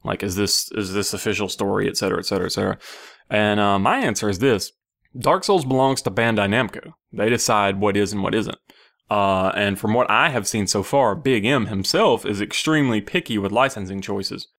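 A man with a fairly low voice hosts a casual gaming news podcast. He talks loosely and swears freely. He keeps slipping into giggles between stories. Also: a little fast, creaky, fairly bright tone. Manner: giggly, laughing often, loose and profane. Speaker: podcast host.

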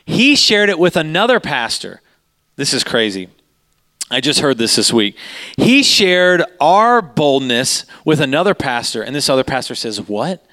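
Pastor guy telling a story in a sermon, smooth higher voice, gets all animated. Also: normal speed. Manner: animated storyteller, pitch rising as excitement builds.

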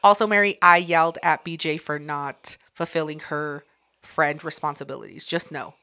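A woman's voice: sits low, moderate pace, pushed and bright. A young woman hosting a podcast, chatting casually in a blunt, profane, teasing way. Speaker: podcast host. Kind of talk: casual chat.

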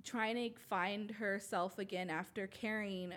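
A woman's voice: medium pitch, fairly even intonation, a little slow, a bit bright. A young woman in casual chat, gushing and swearing freely as she talks with friends.

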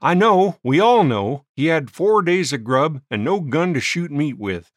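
Man doing gruff bossy miner judge, high loud pushy voice, lively pitch, dry sound. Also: measured pace, no room sound. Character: gruff domineering frontier miner judge, middle-aged man.

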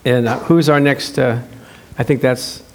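A male pastor preaching, playful and animated, acting out scenes for his church. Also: medium pitch, a little slow. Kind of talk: sermon.

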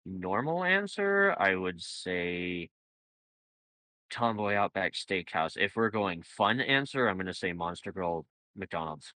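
A man talks slowly and deliberately in a casual podcast chat, his voice bright and lively in pitch. The sound is dry. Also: no room sound, rough recording. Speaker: podcast panelist.

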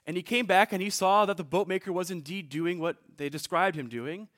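A man's voice: sits high, normal speed, fairly bright tone. A male pastor preaching a sermon in a conversational, storytelling way, with asides to the congregation.

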